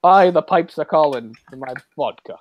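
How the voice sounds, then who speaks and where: A man putting on a gruff Scottish submarine captain with a Scottish accent, giving blustery mock orders. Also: a little high, normal speed, lo-fi sound, voice pushed up, close to an everyday voice.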